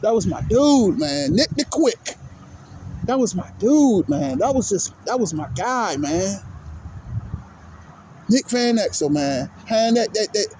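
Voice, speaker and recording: A man with a high-pitched, animated yet slightly mellow voice hosts his own basketball channel, taking his time in a ranting monologue. He's profane and heated, repeating "man" constantly as he swings from anger to emotion. The recording is rough, with slight background noise.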